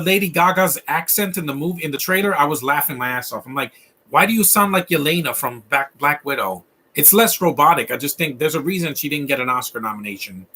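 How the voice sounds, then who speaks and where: While films play, a man with a Latino accent chats casually about them on a live stream, rambling and repeatedly restarting his sentences. His bright, slightly husky voice is fairly high, and bad accents get him worked up.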